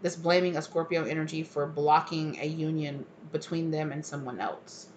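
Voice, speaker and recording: Low-voiced woman thinking aloud over cards. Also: steady tone, normal speed, a little mellow, a little hiss or hum. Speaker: tarot reader. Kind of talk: casual tarot card reading.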